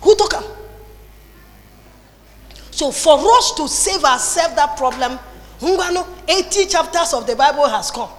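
A woman with a Nigerian accent preaching a lively sermon, slipping into Pidgin and Igbo phrases. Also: high voice, unhurried, long pauses. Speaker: pastor. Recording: long reverb in a hall.

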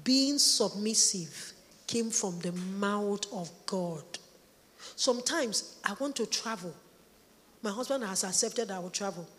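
A woman's voice: medium pitch, a bit bright, a little hiss or hum. A woman preaching a sermon, emphatic, repeating her points for stress. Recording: echoey hall, long reverb.

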